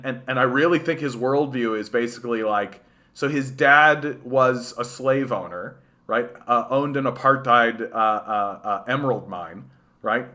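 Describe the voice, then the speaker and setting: A man's voice: medium pitch, sharp tone. A young man from Canada hosting a political livestream, ranting with profane sarcasm and stumbling over repeated words when heated.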